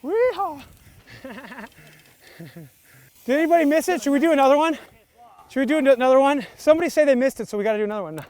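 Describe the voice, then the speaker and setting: With an extremely high-pitched voice, a man in his thirties speaks quickly but leaves long pauses. He hosts a casual bike vlog outdoors at a dirt jump, where he rides, jokes around, laughs a lot, and gives playful hype shouts.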